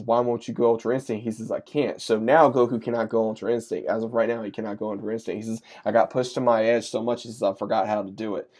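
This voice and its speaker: A man's voice: mid-range voice, darkish tone. A man casually recapping an anime episode, rambling from one moment to the next and stringing scenes together with "he says". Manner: rambling run-on retelling with many "he says". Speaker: anime reviewer.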